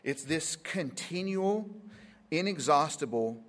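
A man preaching a sermon, drawing words out with dramatic pauses and acting out scenes in quoted voices. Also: fairly high pitch, lively intonation, fairly bright tone, big-room sound.

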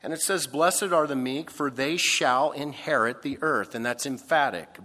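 Slow emphatic preacher man, echoing hall. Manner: slow and emphatic, swinging from loud stresses to soft low asides. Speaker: pastor. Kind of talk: sermon.

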